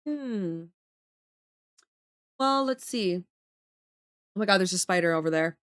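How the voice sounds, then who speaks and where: A woman's voice: on the low side, expressive, takes it slowly, dry recording, studio quality. A woman streaming as she draws, chatting casually with viewers in a playful, mock-dramatic way. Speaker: streamer and artist. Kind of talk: casual livestream chat.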